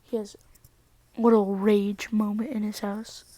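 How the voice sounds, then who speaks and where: Hesitant, slow-talking young-sounding woman. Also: medium pitch, flat delivery, mellow, no echo, low-quality recording. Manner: hesitant, many fillers and long pauses. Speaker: storyteller. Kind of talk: casual improvised fan fiction storytelling.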